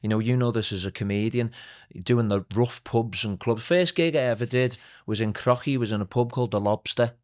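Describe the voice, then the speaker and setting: A middle-aged man with a Liverpool accent, a swing singer telling lively anecdotes as a podcast guest. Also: medium pitch, fairly quick. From Liverpool, England. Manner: animated anecdotes with put-on voices and laughs. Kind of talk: casual storytelling chat.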